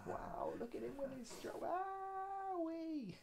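Guy playing a chuckling dead man, gravelly, swoopy voice, loud crowd behind, whispered role-play. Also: extremely high pitch, animated, takes it slowly, voice pushed up, full character voice. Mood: morbid. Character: cheerfully morbid dead man.

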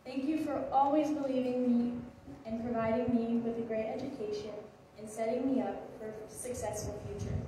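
A woman's voice: high-pitched, mellow, slight background noise. A graduating teenage girl giving an earnest, heartfelt speech at a school ceremony, a little nervous. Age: late teens. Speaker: graduating student. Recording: echoey hall, distant mic.

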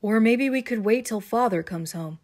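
A bored, reluctant young boy, as a woman reading aloud puts him on. He grumbles in a flat, unimpressed way, close to the reader's own voice. It is a gentle storybook reading. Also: fairly high pitch, normal speed, lightly acted. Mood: worried.

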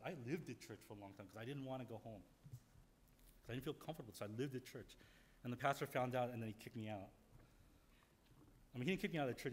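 A male pastor preaching a candid, story-driven sermon that swings from quiet asides to loud outbursts. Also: mid-range voice, slightly rough.

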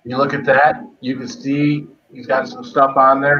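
A man's voice: medium pitch, little pitch movement, a little slow, pushed and bright. A man hosting a casual live stream, tasting spicy food and greeting viewers by name as he eats. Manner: chatty, greets viewers by name while eating. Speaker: livestream host doing a spicy food tasting. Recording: dull lo-fi stream audio.

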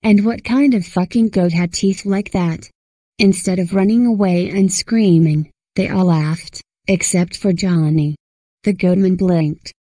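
Female narrator for horror fiction: low-pitched, dry close sound, steady delivery. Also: measured pace, dry recording, rough recording. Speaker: story narrator. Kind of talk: scripted horror story narration.

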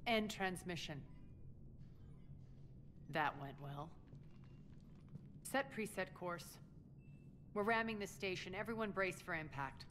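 Tough rebel leader. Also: female voice, on the low side, animated, takes it slowly, long pauses, fairly bright tone, a little hiss or hum. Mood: commanding. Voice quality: firm, commanding.

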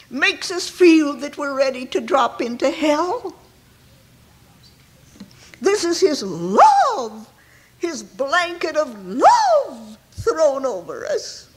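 A woman preaches an emotional sermon in church, her voice high and dramatically lively. She takes her time, falling to near-whispers and then lifting into ringing cries. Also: extremely slow.

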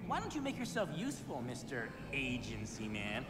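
A man's voice: medium pitch, wildly swooping pitch, normal speed. An actor voicing a bossy, teasing male video game character, in video game voice acting. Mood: wry. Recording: roomy game audio with long reverb and loud music.

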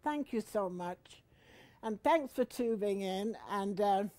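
A woman in her seventies hosting a comedy segment, telling a homey story in a chatty way that climbs to shouts when she acts it out. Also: mid-range voice, animated. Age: 70s. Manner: slow, chatty, rising to shouted retellings. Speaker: comedy show host. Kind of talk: comic storytelling to camera.

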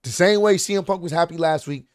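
A man hosting his own channel, casually recapping wrestling in an animated, slangy way and acting out what the wrestlers said. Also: on the high side, fast talker, dry recording, studio quality. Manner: animated, slangy retelling with acted-out quotes.

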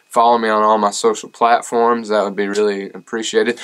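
A man's voice: on the low side, little pitch movement, moderate pace, fairly bright tone, slight background noise. Joking man. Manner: joking, rambling and self-deprecating. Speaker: country singer and YouTuber. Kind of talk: casual vlog reading fan mail. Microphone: camera rig at home.

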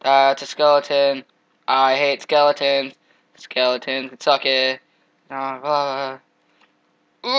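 A young man giving casual, jokey commentary while playing a game, trash-talking monsters with sudden loud outbursts. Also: medium pitch, level tone, takes it slowly, long pauses, smooth, poor audio. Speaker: gameplay commentator.

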